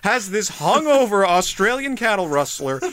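A man's voice: high voice, normal speed, no echo. A man co-hosting a podcast, telling a story in a casual, comedic way, laughing often and swearing. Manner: animated, laughing, profane. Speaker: podcast co-host.

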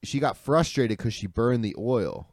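A man's voice: mid-range voice, expressive, unhurried, darkish tone, dry recording. A man chatting casually as a podcast co-host, rambling through a story with lots of "dude" and "like" and casual swearing. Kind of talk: casual chat.

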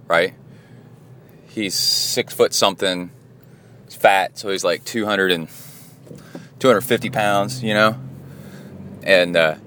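A man hosting a podcast, telling a rambling casual story while driving, getting animated whenever he quotes other people. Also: low voice, slight background noise. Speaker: podcast host. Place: car, driving.

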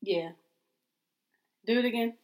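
A woman co-hosts a podcast in easygoing, casual chat, though she can be insistent, and she swears casually and laughs a lot. Her voice is fairly high and she takes her time.

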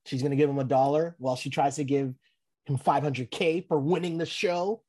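A man co-hosts a podcast with a fairly high voice for a man. He laughs often and teases his partner in casual banter. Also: fairly even intonation, warm tone. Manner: quick to laugh, playful teasing. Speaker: podcast co-host. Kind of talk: casual chat.

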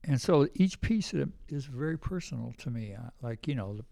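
A man's voice: mid-range voice, expressive, fairly quick, gravelly, dark tone. An older man telling rambling anecdotes as an interview guest, often acting out the voices of people he quotes. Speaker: guest musician. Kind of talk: casual storytelling interview.

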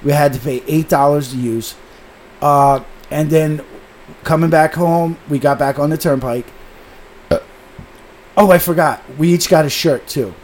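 Animated, profane man telling a story. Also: fairly high pitch, measured pace, pauses often, a little hiss or hum. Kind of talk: casual storytelling chat.

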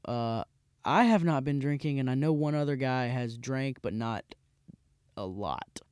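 A man in his twenties, a podcast host, telling a casual rambling story with frequent restarts and animated voices for the people in it. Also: mid-range voice, unhurried, smooth, no echo, clean studio sound. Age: 20s.

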